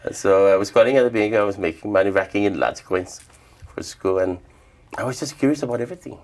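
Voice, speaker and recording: An older man from Guam, telling stories of his past in a relaxed, reflective interview. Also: on the low side, fast. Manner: relaxed, reflective storytelling with quoted dialogue. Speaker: interviewee, traditional healer. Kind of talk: casual storytelling interview.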